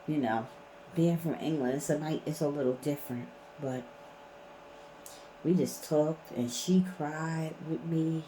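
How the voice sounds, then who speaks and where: A woman's voice: deep voice, measured pace, warm tone, slight background noise, rough recording. A woman vlogging in a casual storytelling way, blunt and emphatic, swearing freely.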